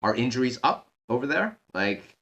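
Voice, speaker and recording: A man's voice: medium pitch, big pitch swings, normal speed, a bit bright. A man hosting a podcast, chatting casually in a laid-back, easygoing way. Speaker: podcast host. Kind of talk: casual chat.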